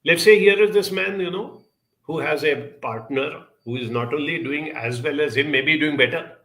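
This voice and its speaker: A man's voice: fairly high pitch, moderate pace, a bit bright. A man speaking as a guest on a program, telling a childhood story in an earnest, reflective way with rhetorical questions.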